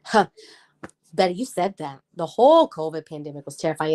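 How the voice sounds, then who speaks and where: A woman's voice: low voice, lively intonation, brisk, darkish tone. Chatty woman ranting on a livestream. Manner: chatty, gets heated and ranty. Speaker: livestream host. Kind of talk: casual live chat with viewers.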